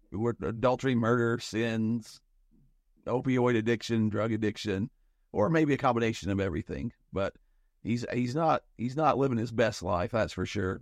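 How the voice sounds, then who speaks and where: A man's voice: mid-range voice, creaky, dry recording, studio quality. A man co-hosting a podcast in casual chat, rambling and thinking aloud with many restarts. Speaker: podcast co-host.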